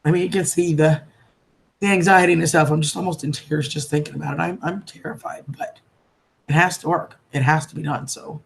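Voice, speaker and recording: A woman's voice: sits low, steady tone, fairly quick, creaky. A woman chatting on a live stream, greeting viewers as darling and sweetheart in a chatty, heartfelt way. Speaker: livestreamer. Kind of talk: casual live-stream chat.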